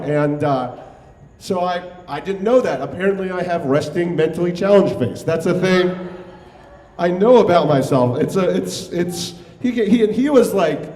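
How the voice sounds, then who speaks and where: A man's voice: high-pitched, expressive, moderate pace, a little mellow. A young man from New York telling a wry, conversational story on stage, swearing freely. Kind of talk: live comedic storytelling. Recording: echoey hall recording.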